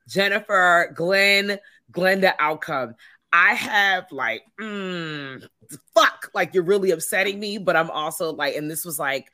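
A woman with a low yet bright, forceful voice, talking. She co-hosts a casual podcast with animated, profane delivery. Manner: animated, swears freely, drawn-out emphatic delivery. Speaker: podcast co-host.

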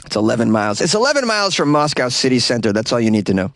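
A man's voice: medium pitch, very animated, rapid-fire, a bit bright, no room sound. A man hosting a solo comedy news podcast, rambling, stumbling over foreign names and chuckling at his own jokes, recorded in a closet.

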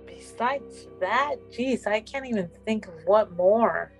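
A woman's voice: mid-range voice, animated, slow pace, soft background music. Blunt, disgusted woman co-host. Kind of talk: casual chat.

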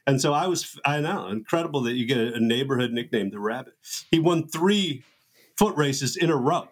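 A man's voice: mid-range voice, animated, normal speed, husky. A man hosting a podcast, chatting casually and rambling through a story with laughs. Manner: laughing, rambling, self-mocking. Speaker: podcast host. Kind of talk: casual chat.

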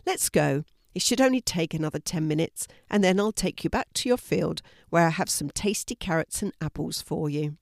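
A woman's voice: low-pitched, lively intonation, normal speed, gravelly, few pauses, no room sound, studio quality. A woman reading a storybook, voicing a cheerful, helpful young girl in a raised, eager voice. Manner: bright, eager, friendly.

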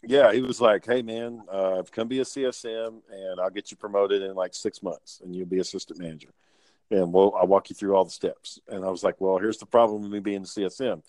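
Man, low voice, profane, laid-back, dry close sound. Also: level tone, brisk, darkish tone, no room sound. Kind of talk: casual chat.

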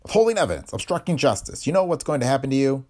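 A man doing a gruff, skeptical district attorney from an old detective story. The lines come out blunt and clipped, raised above the reader's own low voice and lively in pitch. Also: racing.

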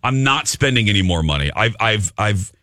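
Radio host, male, very low voice, dry close studio mic, rambling self-deprecating storyteller. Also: animated, moderate pace, sharp tone, no echo. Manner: chatty storyteller, self-mocking. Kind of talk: casual morning radio chat.

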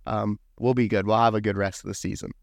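A young man co-hosting a sports podcast, relaxed and wry, often hedging his hopes. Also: lowish voice, fast, vocal fry, dry recording, clean studio sound. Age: young adult. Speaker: podcast co-host. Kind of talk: casual sports podcast chat.

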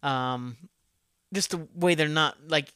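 A man's voice: on the high side, takes it slowly, pushed and bright, smooth. A man hosting a casual solo podcast, rambling, swearing freely and poking fun at himself. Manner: rambling, profane, self-deprecating. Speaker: podcast host.

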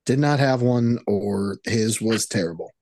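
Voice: medium pitch, a little slow, darkish tone, no room sound. A podcast co-host joking wryly in casual chat about a movie.

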